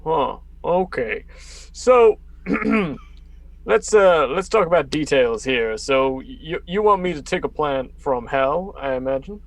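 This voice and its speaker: A man's voice: a little high, animated, slow, gravelly, no echo. A man playing a tabletop game in character, laid-back and hesitant with many fillers. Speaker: player. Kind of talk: casual in-character tabletop play.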